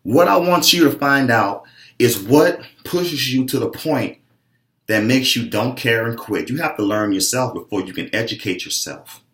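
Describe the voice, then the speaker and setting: A man's voice: medium pitch, normal speed, a bit bright. A man giving a motivational fitness talk as a trainer, emphatic and preachy. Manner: emphatic, preachy, acts out clients' voices. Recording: echoey room.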